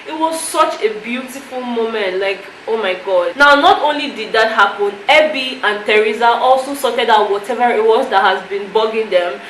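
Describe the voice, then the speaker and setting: A woman's voice: fairly high pitch, fairly bright tone. Chatty woman vlogger in an echoey room. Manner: chatty, emotional, many "you know" fillers. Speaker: reality show recap vlogger. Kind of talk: casual show recap to camera. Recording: echoey room with faint noise.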